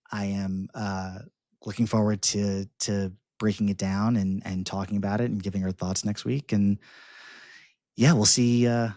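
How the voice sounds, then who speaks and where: A man co-hosting a podcast in casual chat, talking in halting bursts with frequent restarts. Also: lowish voice, a little mellow, dry recording, clean studio sound. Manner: halting, many restarts and fillers. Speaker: podcast co-host.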